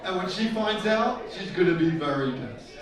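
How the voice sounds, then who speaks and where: High-voiced man doing crude stand-up. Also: lively intonation, moderate pace. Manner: crude, teasing crowd work, laughs at own jokes. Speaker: stand-up comedian. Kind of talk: live stand-up comedy. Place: live event stage with audience. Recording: echoey hall taken from a distance with music.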